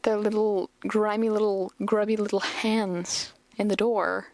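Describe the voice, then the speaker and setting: Young woman podcaster, rambly casual recap, gravelly fry, dry close mic. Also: mid-range voice, flat delivery, a little slow, darkish tone, no room sound. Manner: rambling, lots of fillers, chatty. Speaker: podcast host.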